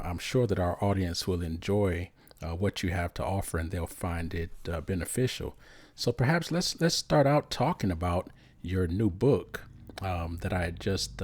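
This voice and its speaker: A man hosting a podcast interview, friendly and a little halting, with frequent restarts. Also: deep voice, darkish tone, breathy edge. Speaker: podcast host.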